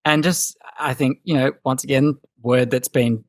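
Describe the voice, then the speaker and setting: A man's voice: mid-range voice, steady tone, moderate pace, no echo. Rambling man in his thirties. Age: 30s. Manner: rambling, thinks aloud with many fillers. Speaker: guest musician. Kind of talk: casual podcast conversation.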